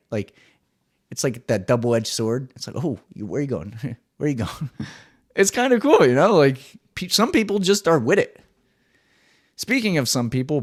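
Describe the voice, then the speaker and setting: A young man hosting a comedic solo podcast, ranting with swearing and swinging between loud bursts and muttered asides. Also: mid-range voice. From New Jersey. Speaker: podcast host.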